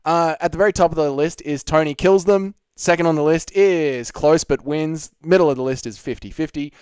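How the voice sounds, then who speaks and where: A man's voice: on the high side, normal speed, darkish tone, clean tone, no room sound. A young man hosting a casual live stream, chatting and reading out viewer comments with plenty of swearing. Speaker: livestream host.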